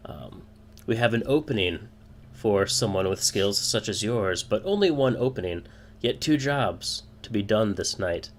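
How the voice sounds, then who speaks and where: A pompous, boisterous thieves' guild boss, as a man voices him for a tabletop game, lording it over his recruits in formal, grandiose phrasing. The voice is lifted a little above a low male register, with a faint hum in the background. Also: measured pace. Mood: grandly menacing.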